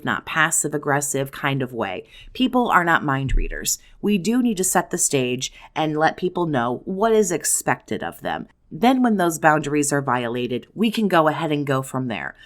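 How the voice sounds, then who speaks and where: A woman's voice: sits low, a bit bright. A woman hosting a self-help video, giving blunt, profane advice to the camera in strings of rhetorical questions. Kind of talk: direct-to-camera advice talk.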